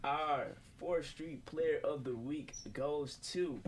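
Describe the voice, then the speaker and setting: A man's voice: on the high side, slow pace, background noise. A young man hosting a casual student radio sports show, joking and laughing often between segments. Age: young adult. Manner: jokey, laughs often, repeats "without further ado". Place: college radio studio. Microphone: studio microphone.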